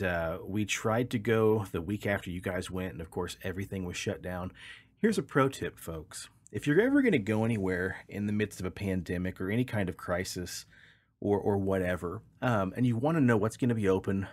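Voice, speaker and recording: A man with a husky, slightly low voice chats on a podcast he co-hosts. He tells stories with lots of swing in his pitch and laughs easily, keeping things loose and casual. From Kansas. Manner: animated joke-teller, laughs a lot. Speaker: podcast co-host. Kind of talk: casual chat.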